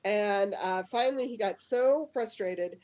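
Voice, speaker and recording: A woman hosting a live storytelling comedy show over a video call, chatty and quick to laugh as she tells her own tale and introduces acts. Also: medium pitch, darkish tone. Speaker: show host.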